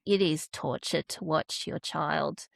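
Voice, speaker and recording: A woman's voice: low-pitched, slow pace, gravelly, no echo. An Australian woman, a podcast guest, telling an emotional personal story. She is close to tears and often restarts her sentences.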